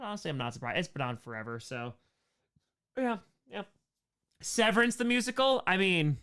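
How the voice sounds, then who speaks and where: A man hosts a casual livestream Q&A, reading chat names and riffing with loose, rambling jokes. His voice sits a bit high and sounds smooth and clear. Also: a bit bright. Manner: rambling, jokey, answers chat names aloud. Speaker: streamer host answering chat.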